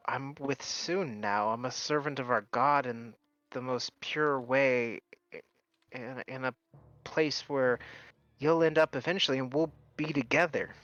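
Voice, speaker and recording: A man voicing a gentle dead fiance who has come back as an angel, speaking tenderly and reassuringly. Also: medium pitch, dull audio.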